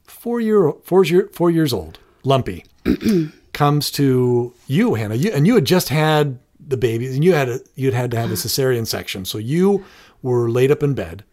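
A man's voice: mid-range voice, big pitch swings, darkish tone. A man co-hosting a casual parenting podcast, talking things through with frequent restarts. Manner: thoughtful, halting, many restarts. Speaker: podcast co-host.

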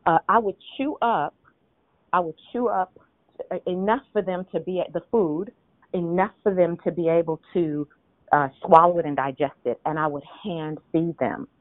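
A woman leading a group call, giving spiritual teaching in a measured, teacherly way with rhetorical questions. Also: on the low side, dry recording. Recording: tinny phone line.

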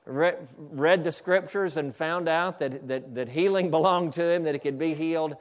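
A fervent male preacher with a high voice, preaching a sermon. He stumbles and restarts his phrases, then swells up to shouted declarations. Bursts of praise break into his flow. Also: moderate pace. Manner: fervent, repetitive restarts, exclaims "hallelujah"; builds to shouting.

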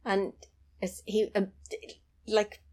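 A woman's voice: mid-range voice, slow. A woman in a casual chat, animatedly retelling a film, acting out the characters' lines and laughing often. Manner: animated, acts out characters' lines in varied voices.

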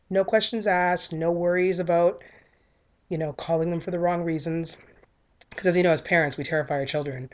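A woman's voice: fairly low pitch, steady tone, fairly quick, darkish tone. Candid woman telling a personal story. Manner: candid, earnest and conversational. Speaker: speaker sharing a personal story.

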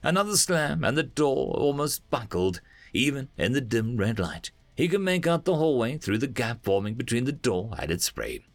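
A man narrating a story aloud in a lively, expressive reading. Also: medium pitch, moderate pace, no echo. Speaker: audiobook narrator.

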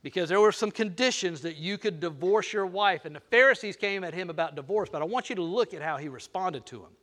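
A man's voice: high-pitched, animated, a little fast, a bit bright. An older man preaching a sermon, playful and teasing, talking straight to the crowd. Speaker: pastor.

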